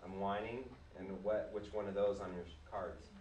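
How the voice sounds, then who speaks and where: A woman therapist calmly and patiently teaching a child during a session, recorded from across an echoey room. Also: very deep voice, normal speed. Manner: patient, calm, instructive. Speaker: behavior therapist. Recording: echoey room, mic far off, faint hiss.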